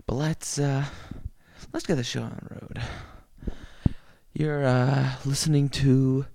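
A man hosting a podcast as a crude, rambling comic monologue from his bedroom, repeating words and swooping up in pitch, into a stand-up microphone. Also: gravelly, warm tone, no room sound. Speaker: podcast host. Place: bedroom at home.

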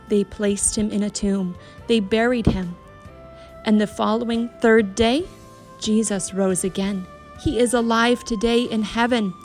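A woman teaching a Bible story to children, speaking gently and emphatically with a lot of rise and fall in her voice. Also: on the high side.

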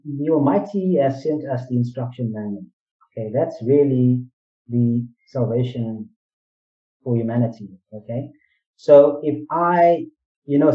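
A man guest in an interview, speaking earnestly and explaining his points through analogies and rhetorical questions. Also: mid-range voice. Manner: earnest, repeats phrases, asks rhetorical questions. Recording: distant, roomy, dull-sounding mic.

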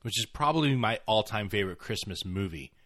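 Quick-talking low-voiced male podcast host. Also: lively intonation, a bit bright, no room sound, studio quality. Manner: quick, laughs often, speeds through words. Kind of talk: casual chat. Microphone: close studio mic.

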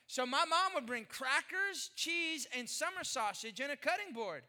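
A man from Texas preaches a sermon with a strikingly high and very bright voice. He is middle-aged, animated and jokey, and he tells stories and fires off rhetorical questions. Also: moderate pace, hardly any pauses. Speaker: pastor.

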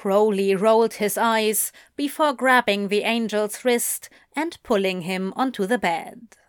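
A woman reading a story aloud, slow and intimate, stretching out the lines. Her voice sits in a middle register. The recording is dry, close to the mic, with no room around it. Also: medium pitch, smooth, no room sound. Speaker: reader. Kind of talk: reading fan fiction aloud.

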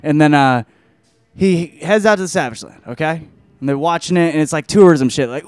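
A man's voice: on the high side, a little fast, a little mellow, smooth, dry recording. A young man casually retelling a novel on his vlog, rambling and full of slang and swearing. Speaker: book reviewer, vlog host. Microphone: camera mic.

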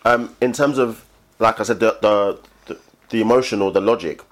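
Lowish-voiced man, animated podcast co-host who acts out what others say. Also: moderate pace. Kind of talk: casual chat.

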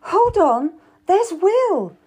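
A woman's voice: high-pitched, huge pitch swings, measured pace, warm tone, voice pushed up, exaggerated voice. A woman playing an earnest young lady-in-waiting. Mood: protesting. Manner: protesting, earnest.

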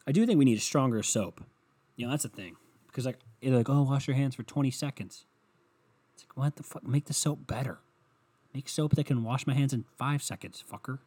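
A man's voice: mid-range voice, a little mellow, slightly rough. A young adult man rambling and ranting at home, sarcastic and full of swearing, in a solo comedic monologue.

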